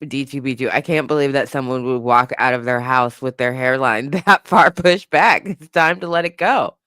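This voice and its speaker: A woman's voice: a bass voice, moderate pace, smooth, no echo, clean studio sound. A woman hosting a casual commentary stream, reading chat comments and laughing often as she reacts. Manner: laughing often, animated, lively. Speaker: host.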